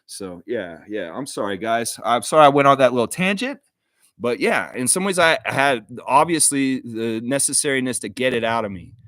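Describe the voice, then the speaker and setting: A man's voice: mid-range voice, lively intonation, normal speed, a bit bright, dry recording, clean studio sound. A man hosting a live fan stream, talking earnestly and emotionally in a heartfelt, apologetic way, often restarting his sentences. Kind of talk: unscripted live stream monologue.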